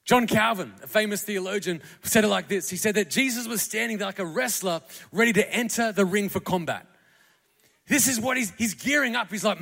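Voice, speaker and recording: A man preaching a sermon to a congregation, building from quiet, tender passages to fervent, shouted crescendos. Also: sits high, fairly quick, gravelly. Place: church hall. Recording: long hall reverb.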